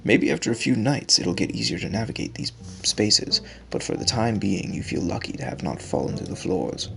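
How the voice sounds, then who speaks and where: A man's voice: on the low side, sing-song, normal speed, gravelly, few pauses, faint music behind. A man playing a story game, joking and laughing as he reads the narration and comments. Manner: jokey, laughing, chatty. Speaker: game streamer. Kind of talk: let's-play commentary and narration.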